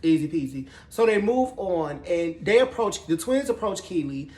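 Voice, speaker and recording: A man with a high voice recaps a TV episode in a sassy, profane, gossipy way. He tells it with animated flair. The room around him is echoey. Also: moderate pace. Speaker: TV show recap reviewer.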